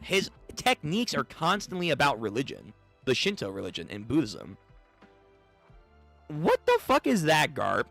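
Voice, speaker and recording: A man's voice: a little high, huge pitch swings, moderate pace, creaky, fairly bright tone, faint music behind. A young man live-streaming his reaction to a manga chapter, reading it aloud and swearing as he talks back to the page.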